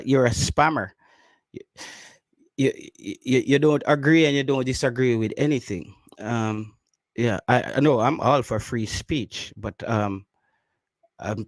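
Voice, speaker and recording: A man's voice: lowish voice, no echo. A man with a Jamaican accent co-hosting a casual live stream, reading viewer comments aloud, repeating himself and slipping into patois.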